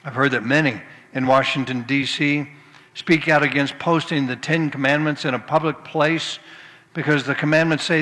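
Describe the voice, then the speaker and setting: Male preacher, folksy storyteller, bright forceful tone, reverberant room. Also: fairly high pitch, steady tone, moderate pace. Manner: folksy storytelling, tells jokes then turns to scripture. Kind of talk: sermon with jokes.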